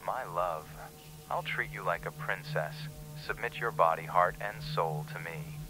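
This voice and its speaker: Man putting on a hushed creepy stalker. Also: sits low, a little slow, music in the background, rough recording. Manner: hushed, murmured whisper. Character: creepy obsessive male stalker, adult.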